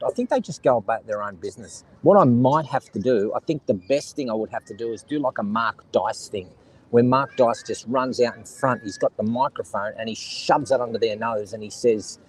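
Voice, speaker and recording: Husky Australian man streaming outdoors. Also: medium pitch, poor audio. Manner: rambling, jokey, talks to chat viewers. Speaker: live streamer. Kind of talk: casual live stream chat. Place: outdoors by the seaside, kids and seagulls around.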